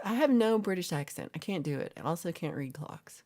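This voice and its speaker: A woman's voice: sits low, lively intonation, a little slow, warm tone. A woman hosting a casual livestream, playfully reading and answering chat comments and teasing her viewers. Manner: jokey and teasing. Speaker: livestream host.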